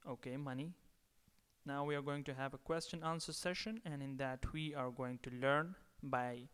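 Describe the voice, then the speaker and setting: Man, language teacher, video lecture, repeats words, smooth, reverberant. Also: on the high side, a bit bright. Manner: deliberate, repeats words several times. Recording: long reverb.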